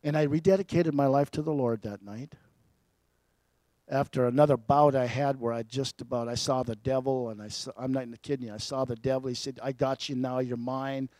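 A man preaching a personal testimony as a sermon, telling his story with big swings between loud and quiet. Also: mid-range voice, fairly quick, dry recording.

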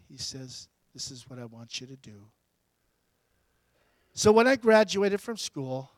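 A pastor preaching a storytelling sermon, his delivery swinging between loud bursts and hushed asides. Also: fairly high pitch, no room sound.

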